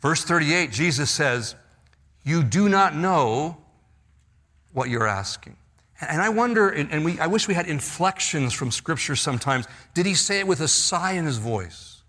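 A man's voice: on the high side, lively intonation, moderate pace, few pauses, sharp tone. A man preaching a sermon, explaining scripture verse by verse and acting out the lines he quotes. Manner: expository preaching, reads scripture with emphasis; acts out quoted lines, laughs lightly. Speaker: pastor.

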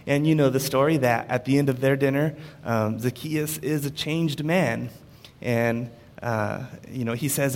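A man preaching a sermon in a relaxed, conversational storytelling way, with frequent fillers. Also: mid-range voice, measured pace, big-room sound.

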